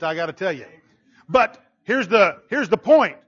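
A man preaching a conversational sermon, animated, slipping into little voices to quote people. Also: high-pitched, brisk, highs cut off. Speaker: pastor.

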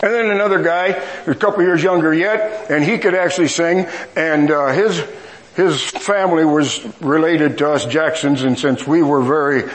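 Man, middle-aged, preacher, folksy storytelling sermon, self-mocking humor, slightly high pitch, faint room ambience. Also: moderate pace, a little hiss or hum, poor audio.

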